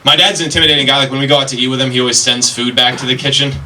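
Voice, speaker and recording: A man's voice: medium pitch, steady tone, very fast, pushed and bright, a little hiss or hum. A man doing a chatty, self-deprecating stand-up comedy set, telling stories on a club stage. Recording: stage mic from a distance, crowd laughter.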